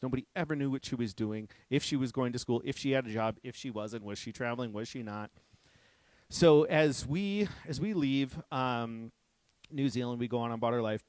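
A middle-aged man, a church speaker, telling a lively story in a sermon with many restarts and asides. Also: medium pitch, dry recording.

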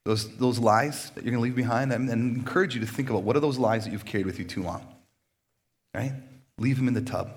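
A man's voice: mid-range voice, fast talker. A man pastor speaking from a church stage in a loose, chatty way. He jokes, laughs often between phrases and restarts his sentences as he talks. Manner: chatty and joking, with frequent restarts. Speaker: pastor leading baptisms. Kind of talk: casual sermon invitation.

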